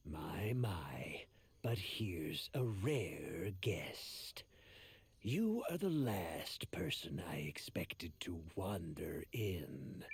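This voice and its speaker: Sly, hushed enemy commander. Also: male voice, deep voice, sing-song, vocal fry, slightly rough, full character voice. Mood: mocking. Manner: slow, mocking drawl. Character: scheming male enemy commander, sly and cold. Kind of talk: game voice acting.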